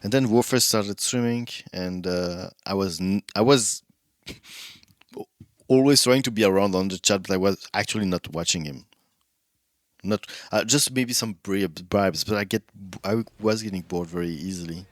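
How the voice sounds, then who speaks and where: A male streamer with a lowish voice talks casually while he plays, rambling through false starts and thinking aloud. His voice is close to the mic and dry, with no room sound behind it. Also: measured pace, dry recording. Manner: rambling, many restarts, chats with viewers while thinking aloud.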